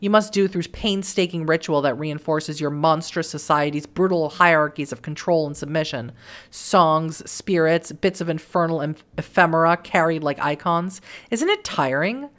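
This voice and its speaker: A woman's voice: low voice, moderate pace, fairly bright tone. A woman voicing a cruel, scheming female witch who taunts her enemies in a game. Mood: taunting. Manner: taunting, mocking.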